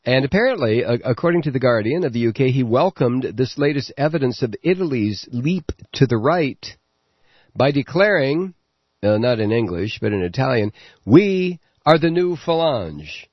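A man's voice: medium pitch, no room sound, muffled recording. Sarcastic male talk radio host. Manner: sarcastic, animated, halting with many fillers. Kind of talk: political commentary monologue.

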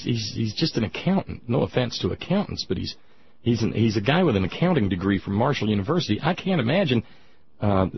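A man's voice: low-pitched, a little hiss or hum. A man hosting political talk radio, rambling and sardonic, with many restarts. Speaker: radio talk show host. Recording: dull lo-fi broadcast sound.

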